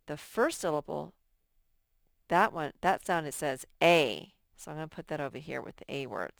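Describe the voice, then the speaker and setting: A woman's voice: deep voice, expressive, creaky, clean tone, dry recording, studio quality. A woman teacher giving a recorded phonics lesson to young children, patient and thinking aloud as she works. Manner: slow, patient, thinks aloud while sorting words.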